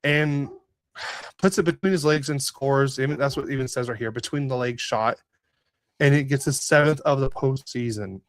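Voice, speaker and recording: A man's voice: mid-range voice, moderate pace, no room sound. A man co-hosting a casual sports podcast, recapping a hockey game with a rambling, rueful manner, lots of fillers and restarts. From Southern California. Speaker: podcast co-host.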